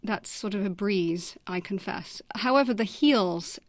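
A woman's voice: medium pitch, lively intonation, measured pace, no echo. Woman actor, radio guest, wry and self-deprecating, dry close studio sound. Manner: wry, laughs often. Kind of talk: radio interview. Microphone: studio mic at a remote station.

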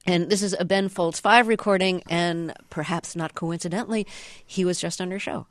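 A woman hosting a radio interview, reading even introductions and giving brief replies. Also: lowish voice, normal speed, no echo, clean studio sound.

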